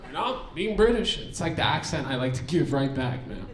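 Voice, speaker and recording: A young man from New Jersey doing a loud, animated stand-up comedy set in a banquet hall. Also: fairly high pitch, a little fast, distant mic. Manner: loud, animated, puts on silly accents. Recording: echoey hall, from off the mic.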